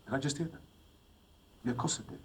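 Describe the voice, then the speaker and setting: A man's voice: mid-range voice, fast talker, a little hiss or hum, poor audio. A man telling stories to an audience. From England. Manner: storytelling, asks the audience questions. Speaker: speaker addressing young people. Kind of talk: motivational talk with personal stories.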